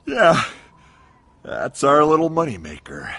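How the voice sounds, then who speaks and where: A high, jittery young con man. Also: huge pitch swings, sharp tone, full character voice. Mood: defensive. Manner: anxious, defensive, talks fast to reassure. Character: nervous young male con man pleading innocence.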